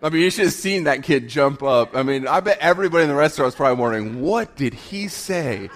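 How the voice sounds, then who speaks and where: A man preaching, mid-pitched and conversational. He tells stories with humor and drops to a hush for effect. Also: expressive. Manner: storytelling with humor, quick shifts from loud to hushed. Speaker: pastor. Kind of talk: sermon.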